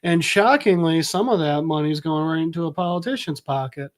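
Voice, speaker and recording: A man's voice: fairly high pitch, fairly quick. A man hosting a podcast, recapping a comic in a casual, rambling way with lots of fillers. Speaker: podcast host.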